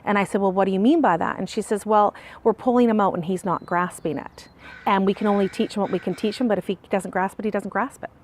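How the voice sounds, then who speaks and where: A woman's voice: medium pitch, fairly even intonation, fast talker, darkish tone, slight background noise. A mother being interviewed for a documentary, talking through her son's schooling and getting emotional as she recalls it. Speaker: parent of a student.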